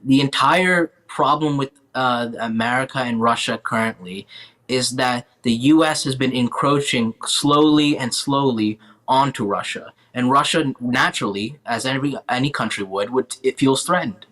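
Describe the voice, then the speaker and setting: A man's voice: mid-range voice, fairly bright tone. A young man sits as a guest on a panel and argues a political view. His mid-range voice is earnest, and he stops often to correct himself. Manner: earnest, halting, self-correcting. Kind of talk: political opinion in a panel chat.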